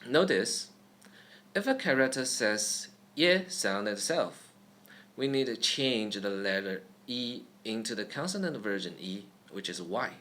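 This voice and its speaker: Slow-spoken man teaching Chinese tones. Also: expressive, fairly bright tone. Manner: demonstrates tones with sweeping pitch changes. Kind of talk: online pronunciation lesson.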